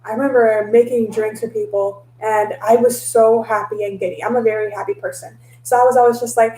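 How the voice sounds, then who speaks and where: A woman's voice: a little high, fairly quick, few pauses. Cheerful chatty woman in an echoey room. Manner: animated, acts out her own past lines; laughs often, mixes in mild cursing. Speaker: tarot reader and vlogger. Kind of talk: casual storytelling vlog.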